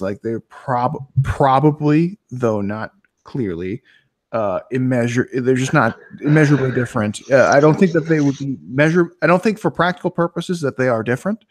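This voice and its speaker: A man from Chicago co-hosting a casual webinar chat, telling stories in a rambling, profane, animated way. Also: mid-range voice. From Chicago, USA. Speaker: co-host.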